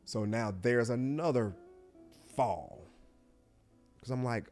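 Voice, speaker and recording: A middle-aged man, a guest on an interview show, telling a personal story in a reflective, heartfelt way that often drops to a hush and halts. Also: medium pitch, slow pace, pauses often, faint music behind.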